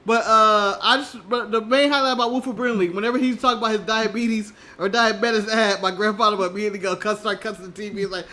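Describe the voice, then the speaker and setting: A man's voice: high voice, fairly even intonation, quick pace, few pauses, pushed and bright. A man from the United States co-hosting a casual live stream, joking and laughing often. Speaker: co-host.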